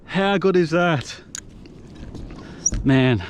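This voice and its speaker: A man's voice: medium pitch, normal speed, gravelly, slight background noise. A young man, commentating his own kayak fishing live, exuberant and breathless, recorded outdoors on an action camera. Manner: exuberant, whooping, breathless excitement.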